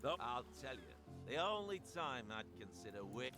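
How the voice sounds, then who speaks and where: An actor with a British accent voicing a boastful, hearty sea captain and trader in a fantasy video game. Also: male voice, medium pitch, sing-song, normal speed, music in the background, close to an everyday voice.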